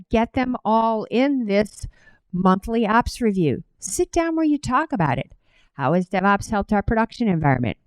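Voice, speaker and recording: A woman's voice: fairly high pitch, smooth, no room sound, rough recording. A middle-aged woman with a Cleveland accent giving a conference talk, telling a personal story and speaking directly to the audience. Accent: Cleveland, Ohio. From Cleveland, Ohio.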